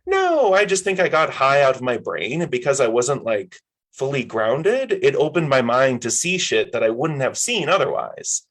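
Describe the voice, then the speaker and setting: A man's voice: medium pitch, big pitch swings, normal speed, a bit bright, pitched above the performer's own voice. A man reading aloud, voicing a laid-back young woman friend who talks casually and upbeat. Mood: breezy.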